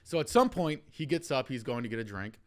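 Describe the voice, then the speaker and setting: A man's voice: medium pitch, animated, fairly quick. A young man hosting a podcast, telling stories in casual chat and acting out quotes, swearing freely. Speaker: podcast host.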